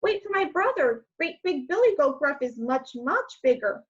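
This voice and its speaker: A woman voicing a timid male billy goat begging a troll not to eat him, in a higher pleading voice. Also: very animated, normal speed, muffled recording.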